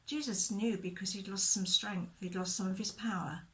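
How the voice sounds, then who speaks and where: Gentle woman telling a Bible story. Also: medium pitch, moderate pace. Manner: gentle, expressive, asks questions. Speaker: children's church leader. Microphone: recorded for video.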